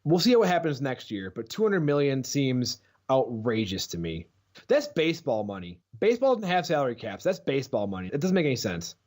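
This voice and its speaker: A man co-hosting a casual sports podcast, joking and swearing in animated banter. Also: medium pitch, a little fast. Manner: animated, swears, jokey bits. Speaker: podcast co-host.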